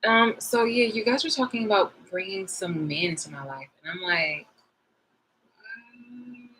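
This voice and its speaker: A woman's voice: fairly low pitch, normal speed, fairly bright tone, slight background noise, poor audio. A woman vlogger chatting casually to her viewers, rambling and frank, swearing freely.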